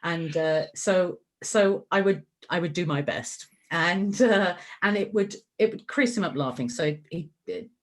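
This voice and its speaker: A middle-aged woman with a low-pitched voice, talking as the guest in a relaxed interview. She is chatty and circles back with fillers and restarts. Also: unhurried, hardly any pauses. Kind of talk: conversational interview.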